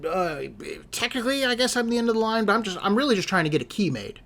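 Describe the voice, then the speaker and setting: A flustered elderly woman who stammers out her words in a thin, raised voice, as a man puts her on. She jumps well above her usual pitch and speeds up as she fumbles for an answer. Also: lively intonation, quick pace, fairly bright tone. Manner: hesitant, flustered.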